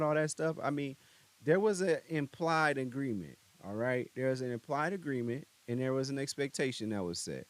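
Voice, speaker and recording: A young man with a medium-pitched, expressive voice hosts a podcast in a studio at normal speed. He offers casual commentary, telling a story in a laid-back, rambling, slangy way packed with asides.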